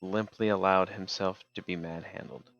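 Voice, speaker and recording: A man's voice: low voice, fairly even intonation, moderate pace, a bit bright, dull audio. A man streaming, reading a text game aloud and casually remarking between passages. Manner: casual, reads narration then remarks.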